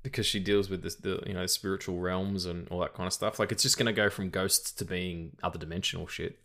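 Low-voiced, sweary male podcast host. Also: little pitch movement, fairly quick, sharp tone. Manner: rambling, sweary, many restarts. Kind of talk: casual chat.

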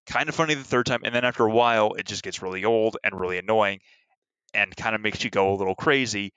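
A man's voice: fairly low pitch, quick pace, a bit bright, clean tone, dry recording, lo-fi sound. A man in casual podcast chat about a film, rambling with lots of filler words and frequent laughs.

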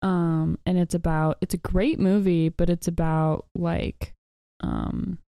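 A woman's voice: lowish voice, little pitch movement, takes it slowly, vocal fry, dark tone, smooth, no room sound, studio quality. A young adult woman chatting casually as a podcast guest, talkative and laughing easily. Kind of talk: casual chat.

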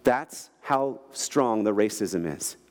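A man's voice: on the low side, takes it slowly, in a large hall. A man giving a sermon to a church audience, telling mission stories with emphatic storytelling and restarting words as he goes. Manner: storytelling, emphatic, repeats words when excited. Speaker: guest speaker.

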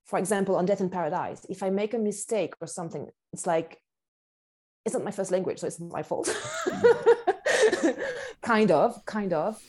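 A woman with a French accent, an actress chatting as an interview guest, animated and laughing easily. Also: medium pitch, moderate pace, pauses often. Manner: animated, sing-song emphasis, laughs easily. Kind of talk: casual interview chat.

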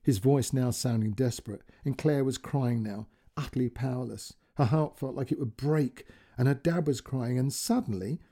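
A man narrating a short story in a gentle, emotive way, giving each character a voice. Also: medium pitch, moderate pace, hardly any pauses. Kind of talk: scripted narration.

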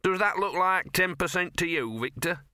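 A man's voice: sits high, animated, normal speed, bright, forceful tone, no room sound, studio quality, pitched above the performer's own voice, heavily acted. A man voicing a scruffy, cynical male talking dog who sounds smug and sardonic, reading from a storybook. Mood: scheming.

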